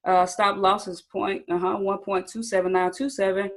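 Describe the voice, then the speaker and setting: Over poor audio, a young woman with a mid-range voice delivers a flat, moderately paced trading lesson live online. Her style is relaxed and talkative: she says "you guys" and "y'all," asks "okay?" frequently, and invites viewers to answer in chat.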